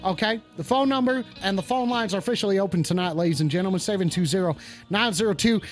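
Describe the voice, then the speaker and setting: A man's voice: high-pitched, fast talker, faint music behind, lightly acted. A man playing a stoned, blustering cowboy host of a comedic call-in radio show, with a drawling, swaggering, profane way of rambling.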